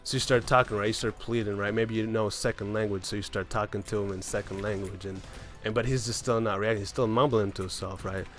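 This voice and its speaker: A man's voice: fairly low pitch, fairly even intonation, quick pace, hardly any pauses, a bit bright, faint music behind. A man casually telling a story about a game run, rambling along and often tagging on "right?" and "man". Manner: rambling, keeps asking "right?" and saying "man".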